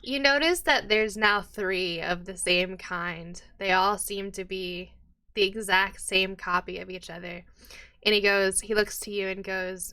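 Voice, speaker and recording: A woman narrating as game master of a tabletop game, relaxed, with many fillers and frequent laughs. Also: medium pitch, a little slow.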